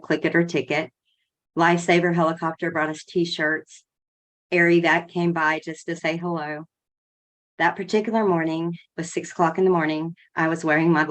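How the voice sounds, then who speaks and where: Emotional woman sharing her story. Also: on the low side. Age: middle-aged. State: emotional, close to tears. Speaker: podcast guest, former 911 operator. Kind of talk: personal account on a podcast.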